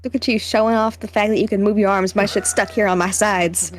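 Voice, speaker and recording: A woman's voice: medium pitch, fairly even intonation, fairly quick. A woman co-hosting a podcast in casual chat, teasing and blunt as she recaps a film. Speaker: podcast co-host.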